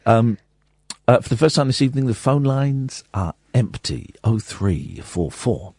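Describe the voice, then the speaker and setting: A man's voice: medium pitch, expressive, a little slow, darkish tone, dry recording. A man hosting a late-night radio talk show, rambling through announcements with plenty of fillers. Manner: rambling, full of fillers and restarts. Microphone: studio mic.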